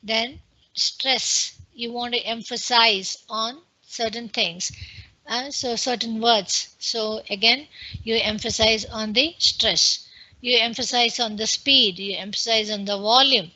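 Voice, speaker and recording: A woman's voice: on the high side, fairly even intonation, slow pace, bright, forceful tone, low-quality recording. A woman with an Indian English accent giving an online webinar lecture in an explanatory way, with many fillers and restarts. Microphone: computer mic on a video call.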